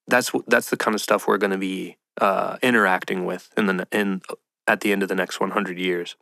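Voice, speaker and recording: A man's voice: low voice, fairly even intonation, fairly quick, creaky, sharp tone, no echo. A man hosting a podcast, talking in a rambling, playful casual monologue and slipping into mock voices. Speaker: podcast host.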